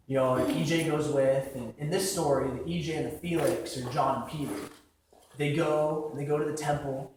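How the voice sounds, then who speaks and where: A young man giving a casual sermon, talking conversationally with lots of "like" fillers and acting out quick quotes. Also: a little high, darkish tone, slight background noise. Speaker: preacher. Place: large echoing church hall. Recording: very echoey hall from far off.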